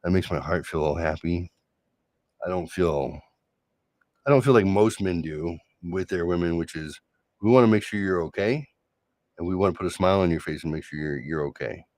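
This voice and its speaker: A middle-aged man hosting a solo late-night show, talking through love and conflict in a sarcastic, reflective way with many halting restarts. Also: low voice, a little mellow, dry recording. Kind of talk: late-night personal monologue.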